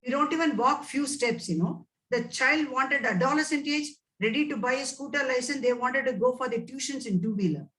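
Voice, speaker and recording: A woman's voice: high voice, brisk, few pauses, a bit bright, far from the mic, low-quality recording. A woman with an Indian English accent answering webinar questions as a nutrition scientist, emphatic and advising, repeating words for stress.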